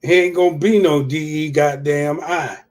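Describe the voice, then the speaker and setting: A man's voice: a little high, steady tone, moderate pace, a little mellow. A man hosting a livestream of casual political commentary, profane and repeating his points for emphasis. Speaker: livestream host.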